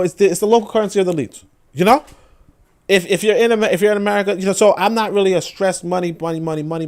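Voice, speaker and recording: A young man hosting a book-reading show, giving animated casual commentary, full of restarts and mocking acted-out voices. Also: high-pitched. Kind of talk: casual commentary on read passages.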